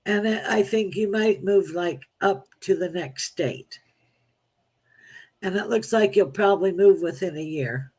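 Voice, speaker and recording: Female psychic guest, plain-spoken, halting with restarts. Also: medium pitch, darkish tone, slightly rough. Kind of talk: casual live-stream chat.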